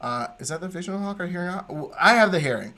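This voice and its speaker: Animated laughing male podcast co-host. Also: high-pitched, very fast, slight background noise. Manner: animated, laughing, tangent-prone storyteller. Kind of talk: casual storytelling chat. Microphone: remote podcast mic.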